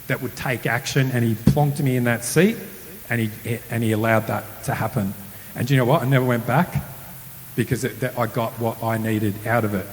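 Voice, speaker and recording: A man telling a personal testimony in a casual, animated storytelling way, acting out quoted voices. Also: mid-range voice. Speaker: testimony speaker. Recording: roomy hall with faint hiss.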